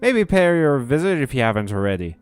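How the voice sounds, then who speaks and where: A man's voice: medium pitch, sing-song, quick pace, smooth, soft background music, natural voice. A man voicing a hearty old bug innkeeper with a rustic dialect. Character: gruff old male bug innkeeper, folksy.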